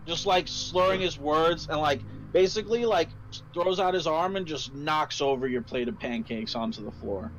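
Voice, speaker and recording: A man's voice: on the high side, normal speed, a little hiss or hum, low-quality recording. A man running a tabletop game as game master, narrating loosely with lots of fillers. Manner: loose, rambling, many fillers.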